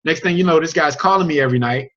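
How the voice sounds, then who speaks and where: Male team coach, energetic storyteller, slightly high voice, muffled video call audio. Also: rapid-fire. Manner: energetic, chatty, sports metaphors and crowd questions. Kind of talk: motivational storytelling to a group.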